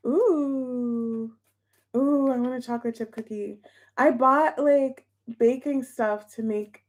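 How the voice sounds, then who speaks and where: A young woman in a relaxed live-stream chat, chatty and bubbly as she greets viewers by name. Her voice sits a little high, and she takes her time, speaking slowly and drawing out her words. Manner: chatty, bubbly, reads chat names aloud. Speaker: tarot reader and live streamer.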